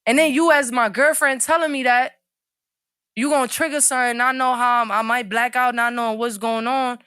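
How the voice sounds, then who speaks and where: A woman on a podcast panel, talking street in loose, candid, rambling turns. Her voice is bright and forward, and it sounds dry and close with no room echo. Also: fairly high pitch, steady tone, fairly quick, clean tone. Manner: rambling, restarts often. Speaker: podcast guest. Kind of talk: casual panel chat.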